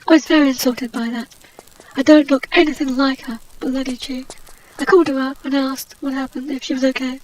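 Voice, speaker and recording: A woman's voice: high voice, steady tone, a little fast, slight background noise, close to an everyday voice, rough recording. A woman voicing a haughty, out-of-work adventurer heroine, rambling snobbish gossip over gameplay commentary. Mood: indignant.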